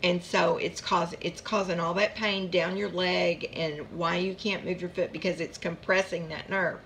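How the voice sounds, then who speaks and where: A woman recounts her own medical story in a relaxed, rambling way, drifting into small asides as she goes. Her voice sits a little low and has a gravelly, creaky edge. A faint hiss of noise runs under the recording. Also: moderate pace. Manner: rambling, chatty, with fillers and asides. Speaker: vlogger sharing her chronic pain story. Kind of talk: casual personal storytelling.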